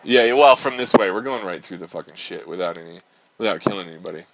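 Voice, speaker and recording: A man's voice: sits low, fast, muffled recording. A man casually telling a story with lots of swearing and restarts while playing a video game. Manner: animated, swearing, tells an angry story with many restarts. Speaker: gaming channel host. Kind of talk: casual storytelling over gameplay.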